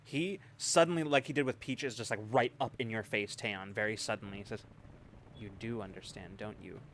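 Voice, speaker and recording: A man narrating as game master of a tabletop role-playing game, relaxed and hesitant. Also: mid-range voice, brisk, slight background noise. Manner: relaxed, hesitant, many fillers.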